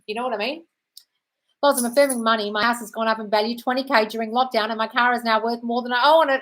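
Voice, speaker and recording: A woman's voice: a little high, fairly even intonation, fast talker, fairly bright tone, rough recording. A woman hosting a live stream, reading out viewer questions and answering them in a breezy, chatty way, calling everyone darling. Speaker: host.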